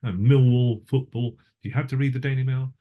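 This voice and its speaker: Speaking fairly quickly with a steady, medium-pitched voice, an older male cinematographer recounts stories during a casual interview. The audio is narrow and tinny, and he keeps cutting himself off, restarting, and drifting into asides.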